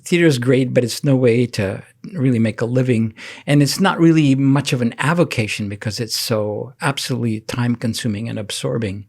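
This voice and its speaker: A man's voice: mid-range voice, creaky. Older guy chatting as a guest, lots of restarts, little laughs. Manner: halting, many restarts and soft laughs. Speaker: interview guest. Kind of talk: casual storytelling interview.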